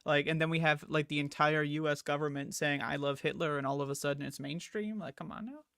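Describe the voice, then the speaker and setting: A man's voice: fairly high pitch, fairly even intonation, quick pace, gravelly, fairly bright tone, clear, resonant tone, no echo, clean studio sound. A man in a casual political chat, heated and sarcastic, swearing a lot.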